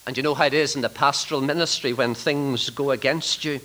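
A man preaching a sermon to trainee ministers, swinging from loud emphatic declarations to hushed, near-whispered lines. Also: medium pitch, steady tone, fairly quick, rough recording.

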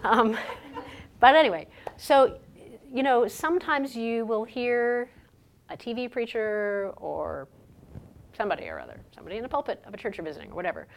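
A woman teaching about biblical languages in a relaxed, conversational way, thinking aloud with fillers and restarts. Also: fairly high pitch, slight background noise. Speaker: Hebrew teacher. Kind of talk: informal talk on biblical languages.

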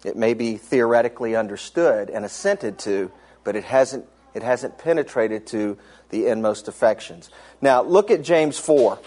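A middle-aged man preaching in a relaxed, conversational way. He tells personal stories from the pulpit with frequent fillers and restarts, in a plain mid-pitched voice. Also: moderate pace. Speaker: pastor. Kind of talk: sermon.

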